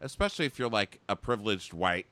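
A man's voice: on the low side, big pitch swings, fast, pushed and bright. A man co-hosting a podcast, casually recapping a reality show in a gossipy, sardonic way and acting out quotes. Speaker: podcast co-host.

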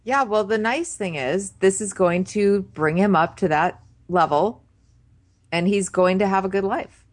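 A woman's voice: mid-range voice, a little slow. A woman co-hosting a casual comedy chat, teasing in a wry, dry way. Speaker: podcast co-host.

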